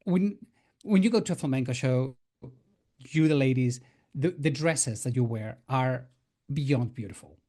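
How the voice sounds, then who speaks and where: A man's voice: mid-range voice, measured pace, mellow. A man co-hosting a podcast, speaking thoughtfully and searching for his words. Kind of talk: conversational interview.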